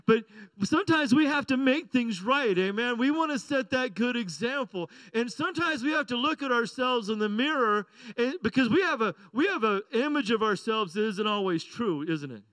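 A middle-aged man preaches with a high, bright voice. His delivery is conversational and playful, full of quick asides to the congregation. The sound is dry and close. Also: lively intonation, no room sound, low-quality recording. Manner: conversational, joking, asks the congregation "right?" and "amen?". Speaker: pastor. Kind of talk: sermon.

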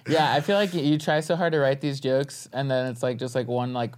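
Halting young man, casual podcast chat. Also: medium pitch, steady tone. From Southern California. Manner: halting, full of fillers and restarts, laughs often. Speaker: stand-up comedian, podcast guest.

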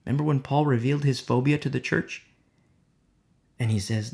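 A preacher delivering an animated sermon, driving points home with emphatic repetition and acting out the people in the story. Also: medium pitch, moderate pace, vocal fry. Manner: acts out quoted voices.

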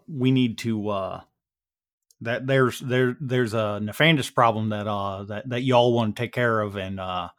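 A man voicing a brawny, folksy Texan male mage, with a Texan accent and a halting, drawling delivery full of fillers. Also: mid-range voice, a bit bright, natural voice.

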